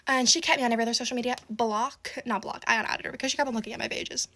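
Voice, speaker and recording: Teen girl ranting a storytime super fast, kinda high voice, says like constantly, swears a lot. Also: fairly even intonation, pushed and bright. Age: teens. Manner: rapid, full of "like", swearing, exasperated asides. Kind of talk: casual storytime monologue.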